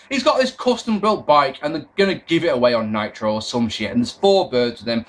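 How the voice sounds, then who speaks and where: A man's voice: medium pitch, big pitch swings, fairly quick, hardly any pauses. A British man giving a casual, sweary and sarcastic review of an old wrestling show.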